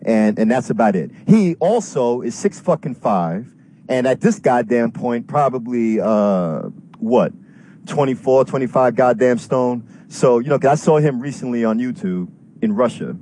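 A man's voice: medium pitch, expressive, moderate pace, mellow, a little hiss or hum. A man calling in to a talk show, ranting at length in a heated, profane way and swearing constantly. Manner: profane, fired-up, heavy swearing. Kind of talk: heated call-in rant.

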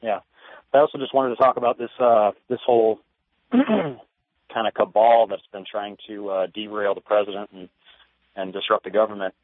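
A man's voice: fairly low pitch, steady tone, normal speed, no echo. A man calling in to a radio show, nervous and full of fillers. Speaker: caller. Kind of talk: phone-in call. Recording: tinny phone line.

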